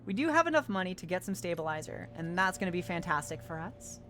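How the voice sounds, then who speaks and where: A woman streamer chatting casually while she plays a game, emotional and giggly. Her voice sits a little low and stays loose and talkative. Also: sing-song, quick pace, fairly bright tone. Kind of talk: casual live-stream commentary.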